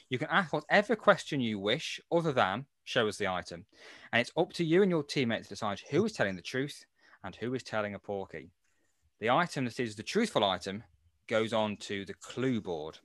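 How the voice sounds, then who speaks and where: A man's voice: mid-range voice, a bit bright, no room sound. A man hosting a casual podcast quiz, explaining the rules with playful asides. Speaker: quiz host.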